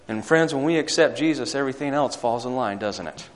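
Preacher guy, sermon and a story, gets loud and emphatic then chatty, big church echo. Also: medium pitch, lively intonation, brisk, few pauses. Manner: rising to emphatic peaks, conversational asides. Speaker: pastor.

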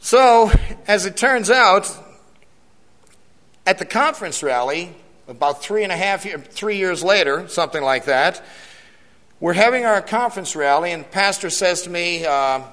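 A man's voice: sits high, lively intonation, measured pace, fairly bright tone. Earnest man preaching in an echoing hall. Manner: earnest, repeats key lines for emphasis, asks the crowd questions. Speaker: church elder giving testimony. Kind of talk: sermon testimony to a congregation. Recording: long reverb of a church hall.

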